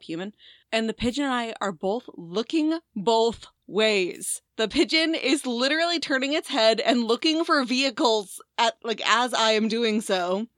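A woman co-hosting a casual podcast, telling rambling, animated stories full of fillers and the odd swear. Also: a little high, no echo. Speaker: podcast co-host. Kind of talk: casual chat.

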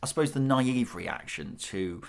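A middle-aged British man, a panel guest, speaks in a gravelly, mid-range, expressive voice at a measured pace. He thinks aloud thoughtfully during the panel discussion, restarting often.

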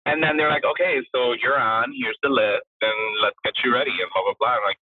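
A man who is a drag performer, a guest telling his story in a casual interview, animated and acting out the voices of the people he quotes. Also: medium pitch, brisk. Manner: animated, acts out quoted voices, says "blah, blah, blah". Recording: tinny phone-line sound, husky and dry.

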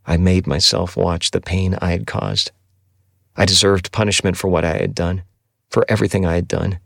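A man reading a first-person novel aloud in a measured, somber audiobook narration. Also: sits low, fairly even intonation, creaky, a bit bright, no echo, studio quality.

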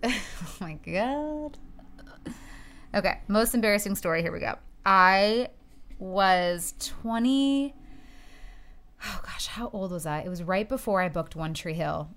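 A middle-aged woman telling an embarrassing story in a casual podcast chat, animated and giggly, acting out her own quotes. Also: mid-range voice, takes it slowly, pauses often. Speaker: podcast guest.

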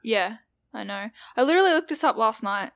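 A woman's voice: on the high side, animated, brisk, fairly bright tone, dry recording. A woman playing a tabletop game, teasing the others. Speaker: player. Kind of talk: casual chat.

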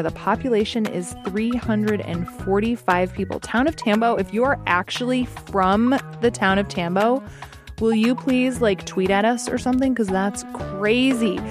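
A woman with a Midwestern American accent hosting a podcast, chatty and playful in casual talk. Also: a little high. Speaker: podcast host.

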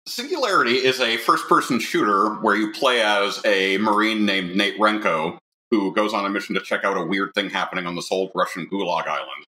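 A man's voice: fairly low pitch, brisk, few pauses, bright, forceful tone, low-quality recording. A man speaking as a podcast guest, enthusiastic and explaining things plainly. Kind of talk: casual podcast chat.

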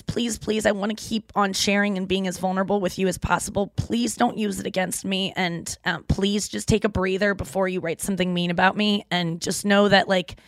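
A woman's voice: mid-range voice, no room sound. Tearful woman podcast host, dry sound. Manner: rambling, tearful, apologetic. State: crying. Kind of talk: emotional personal monologue. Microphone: studio microphone.

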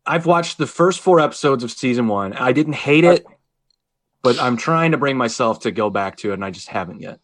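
A man co-hosting a podcast in relaxed casual chat, agreeable and laughing along. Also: mid-range voice, brisk. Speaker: podcast co-host.

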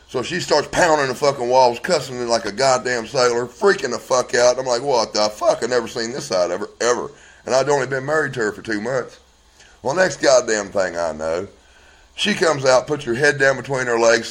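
A man's voice: mid-range voice, rough recording. A blunt man tells his story at length and swears constantly. He rambles from one point to the next and acts out both sides of the argument as he goes. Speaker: interviewee telling his story.

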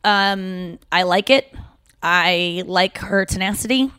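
A woman's voice: on the low side, slow pace, clean tone, no room sound, clean studio sound. A young adult woman co-hosting a podcast, chatting casually and telling stories with lots of restarts and asides. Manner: rambling, animated storytelling with self-interruptions. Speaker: podcast co-host. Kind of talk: casual chat.

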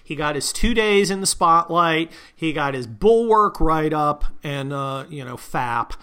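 Hosting a political commentary monologue, a man mocks and insults his targets in a combative, sarcastic way. He speaks a little slowly and expressively, his voice a bit high with a sharp yet clean tone.

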